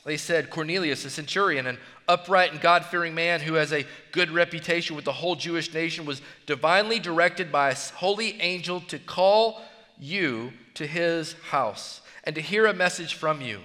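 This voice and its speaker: Male pastor, high bright voice, emphatic exhorting sermon with long hall reverb. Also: moderate pace. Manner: emphatic, exhorting with repeated phrases.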